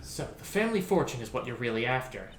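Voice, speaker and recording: A man's voice: mid-range voice, sing-song, fast, a little hiss or hum, close to an everyday voice. A man voicing an earnest young defense lawyer, puzzled and questioning. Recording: roomy echo.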